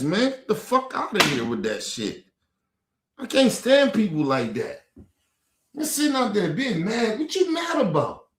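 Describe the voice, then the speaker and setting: A man ranting angrily and profanely on a livestream, repeating himself and breaking into shouts. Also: sits high. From Baltimore. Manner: angry, profane, repetitive, shouting bursts. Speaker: streamer. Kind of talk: heated livestream rant. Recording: roomy echo.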